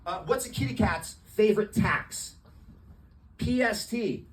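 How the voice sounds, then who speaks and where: On a comedy club stage, a young man opening the show performs stand-up in a casual, stammering way, often laughing at his own jokes. His voice is high and measured, recorded far from the mic.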